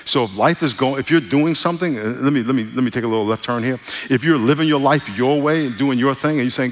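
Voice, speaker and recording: A man's voice: mid-range voice, fast, few pauses. A middle-aged man preaching a conversational sermon as pastor, folksy and loose, often restarting and calling out for an amen.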